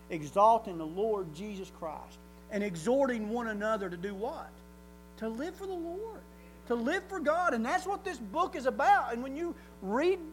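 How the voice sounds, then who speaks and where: Man, church sermon, folksy, conversational, fervent loud emphasis. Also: very high voice, a little hiss or hum, poor audio. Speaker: preacher.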